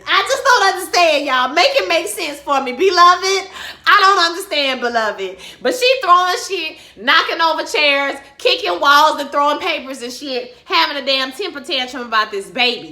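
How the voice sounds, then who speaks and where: A woman in a casual TV recap vlog, talking in a sassy, profane, animated way and acting out characters in big, high voices. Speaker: TV recap vlogger. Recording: echoey room.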